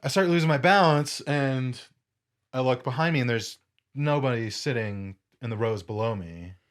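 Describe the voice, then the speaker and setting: A young man co-hosting a podcast, telling a story in casual chat, animated and full of swearing. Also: mid-range voice, moderate pace. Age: young adult. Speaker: podcast co-host.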